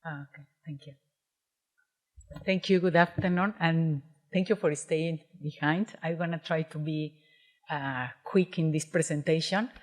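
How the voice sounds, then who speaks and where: A woman's voice: sits low, a little slow. A woman from Mexico with a strong Mexican accent, giving a lecture in an auditorium and often restarting her sentences. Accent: Mexican Spanish. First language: Spanish. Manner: hesitant, many restarts and fillers. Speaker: guest speaker, independent curator. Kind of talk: lecture presentation.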